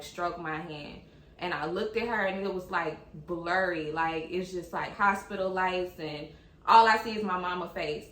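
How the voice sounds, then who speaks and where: A young woman speaks candidly and casually, chatting to her viewers like friends. Her voice sits at a middling pitch. The room around her rings with a noticeable echo. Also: fairly bright tone. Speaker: vlogger sharing her birth story. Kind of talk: casual personal storytelling to camera.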